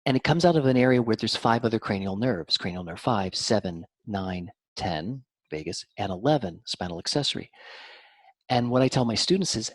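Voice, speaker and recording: A man talking as an interview guest, explaining mind-body ideas in an animated way that swings from lively to soft and low. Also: moderate pace, no room sound. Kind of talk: conversational explanation.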